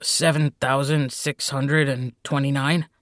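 A man doing a squeaky, jittery demon underling. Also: level tone, unhurried, a bit bright, no echo, studio quality, natural voice. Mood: nervous. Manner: stammering, flustered and obsequious. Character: nervous fawning male demon supervisor. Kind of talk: audiobook character voice.

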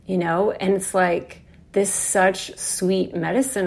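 A woman's voice: mid-range voice, steady tone, takes it slowly, gravelly, few pauses, darkish tone, breathy edge. A woman giving a reflective, earnest spiritual talk about astrology, casually swearing and acting out inner voices. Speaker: astrology speaker.

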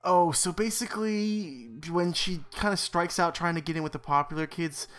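A man's voice: high-pitched, moderate pace, a bit bright, soft background music. A man casually recapping a movie on a podcast, rambling with many fillers and dropping wry, sarcastic asides. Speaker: podcast co-host. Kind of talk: casual film recap chat.

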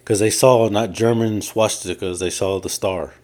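A man's voice: on the low side, fairly even intonation, normal speed, a little mellow. A man co-hosting a casual podcast, retelling a story at length and quoting people in his own voice. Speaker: podcast co-host. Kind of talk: casual chat.

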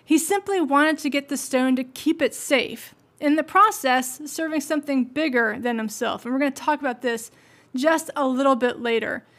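Woman podcaster, high voice, earnest and motivational, talks it through thoughtfully. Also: moderate pace, fairly bright tone. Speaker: podcast host. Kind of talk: reflective solo podcast talk.

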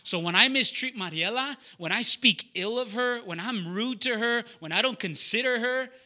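A man preaching loudly and emphatically to young adults, often asking the room to fill in words. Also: extremely high pitch, normal speed. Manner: loud, emphatic, asks the room questions. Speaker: pastor teaching young adults. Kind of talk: sermon.

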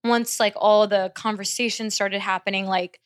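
A young woman musician talking as a podcast guest. She is blunt, profane and animated in how she tells her story. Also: mid-range voice, normal speed. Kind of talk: casual podcast interview.

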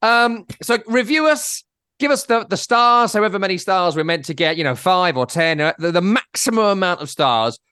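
Teasing man, higher voice. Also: animated, normal speed, sharp tone, clean tone, no echo, clean studio sound. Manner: teasing, rambling, joking. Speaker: podcast host. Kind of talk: casual chat.

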